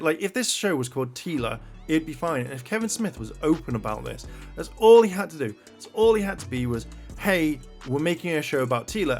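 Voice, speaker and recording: A man reviewing a show in a blunt, rambling rant full of swearing. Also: medium pitch.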